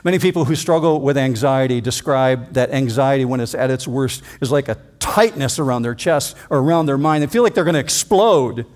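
A man preaching an expository sermon, reading scripture dramatically and slowing down to stress key phrases. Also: mid-range voice, a little mellow.

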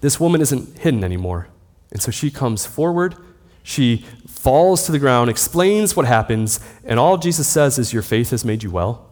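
A man in his thirties delivering a sermon like he is chatting with friends. His pitch swings widely as he tells stories and reads from scripture. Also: sing-song, moderate pace, darkish tone. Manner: conversational storytelling preacher. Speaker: pastor.

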